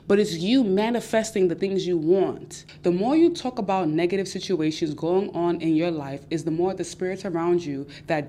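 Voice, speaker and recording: Animated woman giving girl-talk advice. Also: on the low side, slight background noise. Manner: animated, acts out friends' voices. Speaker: podcast host. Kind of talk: casual advice monologue.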